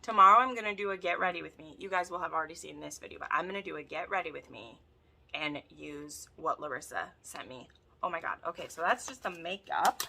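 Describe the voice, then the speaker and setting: Gushing woman unboxing gifts, bright voice. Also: on the low side, vocal fry, a little hiss or hum. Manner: gushing and excitable, with gasps. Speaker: book video host. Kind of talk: casual unboxing chat.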